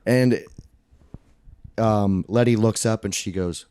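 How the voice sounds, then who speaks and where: A man co-hosting a podcast, chatting casually about a movie, excitable and swearing often. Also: on the low side, slow, clear, resonant tone, no room sound. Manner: excitable, swears often, keeps saying "dude". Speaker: podcast co-host. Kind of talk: casual movie review chat.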